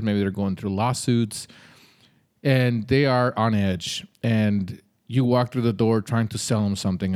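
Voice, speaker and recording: A man's voice: lowish voice, darkish tone. A man hosting a podcast, giving casual advice in a blunt, conversational way with some mild swearing. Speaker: podcast host.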